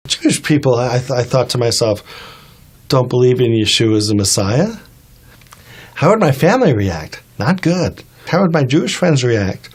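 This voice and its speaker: Earnest man telling his testimony. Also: medium pitch. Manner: earnest storytelling, acts out quoted dialogue. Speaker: testimony speaker. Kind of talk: personal testimony.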